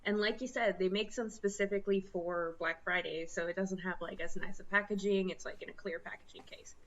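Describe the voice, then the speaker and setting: Animated young woman telling stories, lo-fi. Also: medium pitch, fairly quick. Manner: animated storytelling, acts out quoted voices, laughs often. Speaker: podcast co-host. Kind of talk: casual podcast chat.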